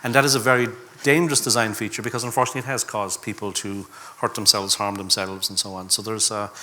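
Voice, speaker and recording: A man's voice: fairly low pitch, fairly even intonation, fast talker, bright, forceful tone. Blunt skeptical male panelist. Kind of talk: panel discussion. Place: conference hall stage.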